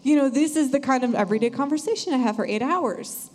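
A young woman sharing an earnest, animated church testimony. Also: high voice, fast. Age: young adult. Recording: hall reverb.

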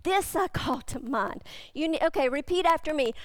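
A woman pastor delivers a sermon in a high voice, hammering home her main lines by repeating them. The sound is dry and close, with no room echo. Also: animated, normal speed. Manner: emphatic, repeating key phrases.

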